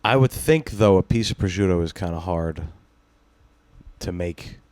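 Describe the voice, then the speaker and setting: Man, podcast host, very low voice, dry close sound, rambling, profane, laughs a lot. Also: expressive, moderate pace, darkish tone, no echo. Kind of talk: casual chat.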